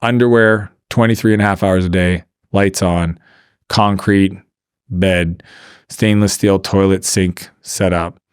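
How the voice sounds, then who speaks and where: A man from Canada tells a personal story in a casual interview, his voice sitting on the low side. He talks loosely, stacking filler "like"s and restarting sentences. The sound is dry and close. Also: fairly even intonation, unhurried, clean tone, no echo. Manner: conversational, many filler "like"s, trails off and restarts. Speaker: podcast guest.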